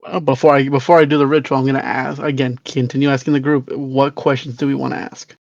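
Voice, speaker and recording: A man playing in a tabletop game, talking in halting restarts and swearing casually. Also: mid-range voice, flat delivery, creaky, dry recording, lo-fi sound. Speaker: player.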